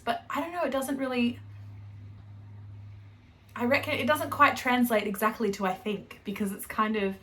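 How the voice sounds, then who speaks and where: A woman's voice: fairly high pitch, normal speed, pauses often, pushed and bright. Chatty young Australian woman. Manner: chatty, rambling, self-correcting, laughs often. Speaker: knitting podcast host. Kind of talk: casual chat to camera.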